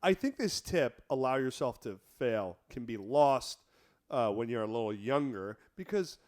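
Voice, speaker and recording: A man's voice: mid-range voice, expressive, unhurried, darkish tone. A young man co-hosting a podcast, talking in a casual, rambling way with lots of filler words. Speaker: podcast co-host. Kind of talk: casual chat.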